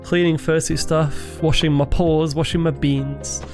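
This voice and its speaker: A man's voice: fairly high pitch, level tone, measured pace, over music. A British man hosting a casual livestream, rambling, restarting his sentences and swearing freely into a desk microphone. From Britain. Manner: rambling, self-interrupting, swears and laughs easily. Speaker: livestream host.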